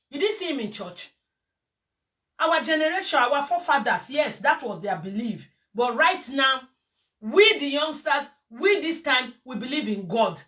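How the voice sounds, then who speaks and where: A woman's voice: sits high, sing-song, moderate pace, sharp tone. A woman with a Nigerian accent, ranting and scolding in a heated video monologue. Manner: scolding, heated, mixes Pidgin and Yoruba phrases. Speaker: vlogger. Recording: distant from the mic.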